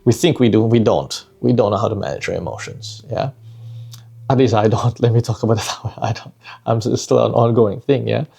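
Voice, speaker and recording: A man's voice: fairly low pitch, brisk, creaky, mellow, husky. A man, a father, telling a personal parenting story in a reflective, conversational way, often tagging his sentences with "right?" and "you know".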